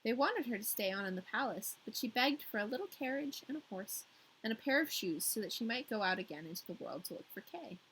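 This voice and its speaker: A woman's voice: fairly high pitch, sing-song, fast talker, fairly bright tone, a little hiss or hum, poor audio. A woman co-hosting a podcast, reading a fairy tale aloud in a casual way with playful, joking asides. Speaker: podcast co-host and story reader.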